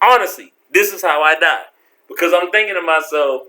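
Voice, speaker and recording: A man telling a story from his life in a casual vlog, slangy and animated, acting out the people in it. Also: sits high, moderate pace. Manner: animated, slangy, acts out voices.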